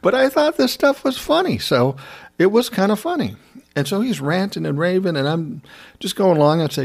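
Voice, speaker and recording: A man's voice: high-pitched, very animated, moderate pace, vocal fry. A middle-aged man casually telling a personal story, wry and often laughing as he goes. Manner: wry, laughing, self-described smart aleck.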